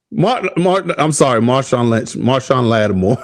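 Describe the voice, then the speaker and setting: A man's voice: medium pitch, animated, moderate pace, vocal fry, few pauses, no echo, studio quality. A man hosting a casual sports talk show, ranting with heavy profanity and laughing at his own frustration. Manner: profane, exasperated, laughing at himself. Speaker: podcast host.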